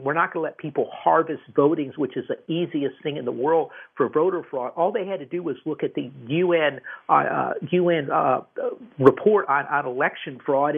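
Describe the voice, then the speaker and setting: A gravelly, husky man with a fairly high voice holds forth on a talk radio show, stumbling over repeated words as he presses his points. The sound is thin and tinny, like a phone line. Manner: emphatic, repeats words and restarts often. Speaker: radio host. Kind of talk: political commentary on talk radio.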